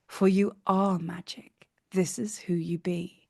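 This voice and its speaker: A woman voicing a kindly, nurturing ancient goddess who speaks gently and solemnly. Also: on the low side, fairly even intonation, takes it slowly, gravelly, pitched below the performer's own voice, full character voice. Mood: soft, tender.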